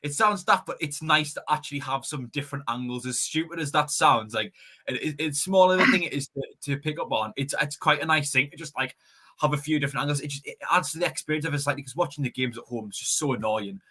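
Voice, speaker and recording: A man's voice: on the high side, fast, bright, forceful tone. A young man hosting a fan live stream, chatting and reading out viewer comments with plenty of stumbles and repeats. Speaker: fan channel host reading the live chat. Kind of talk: casual live-stream chat.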